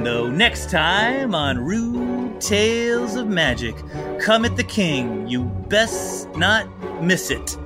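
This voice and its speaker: A man's voice: high voice, pitched above the performer's own voice, full character voice. Snake Professional, a man doing a cheesy trailer announcer. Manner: dramatic trailer-style teasing.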